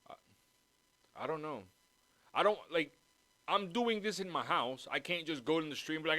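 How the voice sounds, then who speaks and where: A man's voice: fairly high pitch, lively intonation, moderate pace, pauses often, pushed and bright, no room sound. Rambling, profane man hosting at home. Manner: rambling, profane, jumps between topics. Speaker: podcast host. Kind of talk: casual chat. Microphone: moves around the mic.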